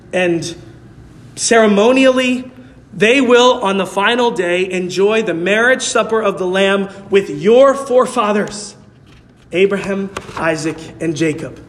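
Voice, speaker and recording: High-voiced male preacher in a hall. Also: a bit bright. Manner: emphatic preaching with rhetorical repetition. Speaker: pastor. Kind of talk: sermon. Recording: long reverb of a large hall.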